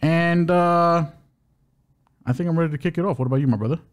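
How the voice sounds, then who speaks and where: A man's voice: a little high, brisk, clean tone. A man co-hosting a podcast, previewing fights in a loose, joking way and stumbling over names. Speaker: co-host of a fight-betting podcast.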